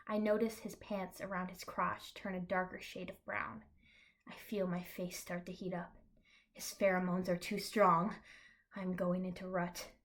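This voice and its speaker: A young woman reads her own comic story aloud in a flat, deadpan voice. Now and then she stops for dry asides of her own. Her delivery stays even and understated. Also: lowish voice, measured pace. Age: young adult. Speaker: reader of her own fan fiction.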